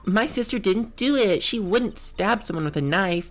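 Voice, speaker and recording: Over muffled audio and background game music, a man performs as an eager teenage girl of sixteen who hopes to become a scientific investigator, using a Valley Girl voice. He speaks high-pitched and animated at a moderate pace, above his natural register.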